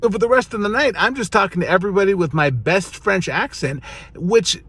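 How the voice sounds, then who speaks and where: A man in his thirties telling a funny personal story, animated and building up to excited punchlines. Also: high-pitched, a little fast, breathy edge. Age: 30s.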